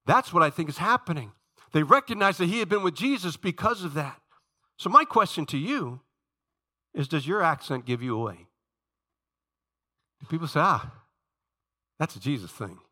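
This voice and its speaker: Middle-aged male pastor with a sermon voice, bright and slightly high, lively storyteller who goes hushed in prayer. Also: moderate pace, pauses often. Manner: animated storytelling, dropping to a low quiet tone in prayer.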